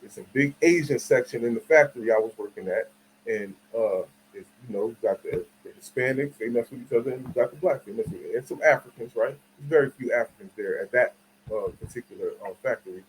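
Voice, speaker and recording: A man talking to his audience in a loose, slangy commentary. He tells his story in a roundabout way, breaks off mid-phrase and starts over, and keeps asking whether listeners get his point. His voice sits at an ordinary middle pitch for a man. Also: brisk, a little hiss or hum, rough recording. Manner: rambling, slangy, restarts often; asks the audience for agreement. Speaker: channel host.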